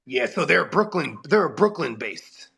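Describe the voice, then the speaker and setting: A man's voice: on the high side, sing-song, a little slow, vocal fry, bright, forceful tone, slight background noise. A man in his forties co-hosting a casual chat, rambling and profane, laughing often, with a cold. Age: 40s. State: has a cold. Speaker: podcast co-host.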